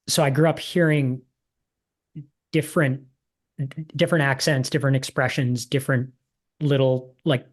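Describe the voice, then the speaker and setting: A man's voice: medium pitch, little pitch movement, normal speed, pauses often. A man hosting a podcast, asking questions in a thoughtful, hesitant way and often repeating words as he thinks. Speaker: podcast host, ghostwriter. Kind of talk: casual interview conversation.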